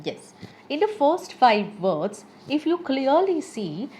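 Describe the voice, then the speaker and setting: Female teacher, slow and expressive, lesson on word stress. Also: high voice, a little hiss or hum. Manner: slow, careful, reads example words twice. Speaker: English teacher. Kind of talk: pronunciation lesson.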